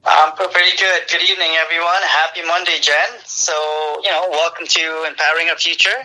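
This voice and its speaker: A man from Winnipeg hosting a radio talk show, relaxed and jokey with lots of fillers. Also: on the high side, fairly quick, poor audio. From Winnipeg, Canada. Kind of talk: casual chat.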